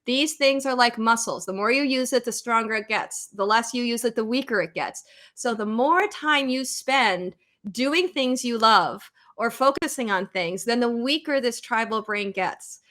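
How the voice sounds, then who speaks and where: Bright, fairly high American woman in her thirties, a psychologist guest telling a personal story candidly. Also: lively intonation, normal speed. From United States. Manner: candid, conversational, quotes her own thoughts. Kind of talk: podcast interview.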